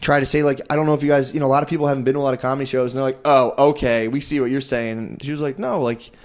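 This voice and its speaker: A man's voice: mid-range voice, racing. A man co-hosting a comedy podcast, rambling through a story and acting out what people said. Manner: rambling, animated, says "dude" constantly, acts out quotes. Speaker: podcast co-host. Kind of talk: casual storytelling chat.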